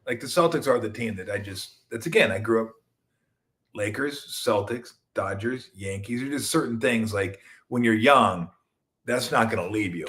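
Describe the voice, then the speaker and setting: A middle-aged man from Southern California hosting a casual sports talk show, rambling and joking, with sudden loud outbursts and mumbled asides. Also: lowish voice, normal speed.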